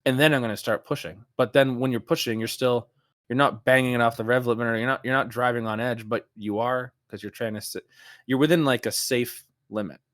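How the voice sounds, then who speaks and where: A man co-hosting a podcast in casual chat, telling stories in an animated way with lots of restarts and fillers. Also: medium pitch, fairly quick, no echo, clean studio sound. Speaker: podcast co-host.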